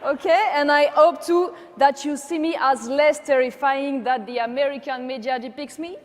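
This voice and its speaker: French-accented woman, high voice, emphatic speech in a big reverberant hall. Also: fairly even intonation, normal speed. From France. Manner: impassioned, emphatic oratory. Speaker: conference speaker. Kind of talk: political speech. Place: large conference hall.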